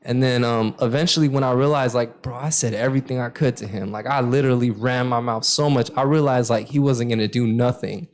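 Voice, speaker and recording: A man's voice: mid-range voice, a little fast, hardly any pauses. A young man co-hosting a podcast, chatting casually and telling stories, acting out what people said. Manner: animated, acts out quoted lines loudly. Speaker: podcast co-host. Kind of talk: casual chat, storytelling.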